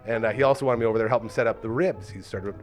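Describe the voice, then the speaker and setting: A man's voice: on the low side, racing, soft background music. A man from Canada hosting a local podcast, upbeat and effusive as he thanks guests and signs off. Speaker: podcast host. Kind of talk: casual chat.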